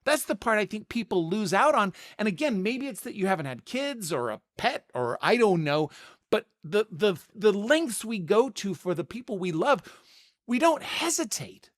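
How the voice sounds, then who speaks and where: Animated man musing aloud, higher voice. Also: moderate pace. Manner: animated, repeats words when thinking aloud. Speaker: podcast host. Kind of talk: casual spoken commentary.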